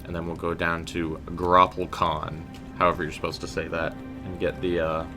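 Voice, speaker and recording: With music in the background, a young man streams a game at normal speed, his low voice showing little pitch movement. It's casual let's-play commentary: he's chatty and slangy, jokes around, and addresses his viewers as "guys."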